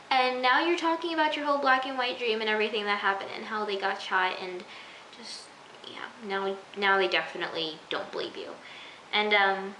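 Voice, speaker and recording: A woman chatting through an episode review, acting out her own reactions and sometimes dropping into a soft near-whisper. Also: medium pitch, slight background noise. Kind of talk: casual episode review vlog. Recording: echoey room.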